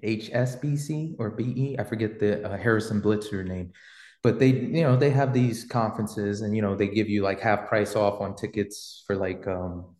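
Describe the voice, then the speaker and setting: A man's voice: fairly low pitch, moderate pace, darkish tone, echoey room. A man hosting a podcast and telling a story in a casual, slangy, rambling way, full of fillers. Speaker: podcast host.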